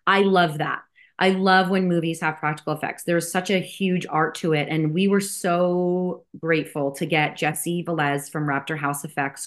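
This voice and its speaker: Upbeat lower-voiced woman filmmaker. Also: fairly bright tone. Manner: upbeat, laughs often, many fillers. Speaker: filmmaker guest. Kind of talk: casual interview.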